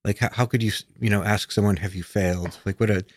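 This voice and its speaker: A man's voice: on the low side, steady tone, racing, no room sound, clean studio sound. A man from the United States, a musician guest in a casual interview, talking with many fillers and restarts.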